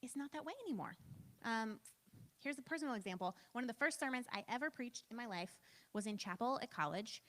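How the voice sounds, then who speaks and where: A fairly high, lively woman's voice in her thirties, talking casually through a church training. Her pitch leaps around as she jokes at her own expense and fills gaps with "like" and "um". She sounds like a pastor teaching a room, conversational rather than preachy. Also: a little fast. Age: 30s. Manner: chatty, self-deprecating, frequent "like" and "um".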